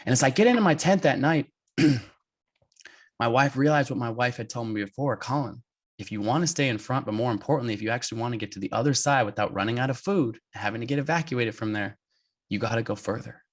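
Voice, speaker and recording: A man in his thirties, a guest telling an adventure story in an interview, animated and laughing as he goes. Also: mid-range voice, fairly quick. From United States.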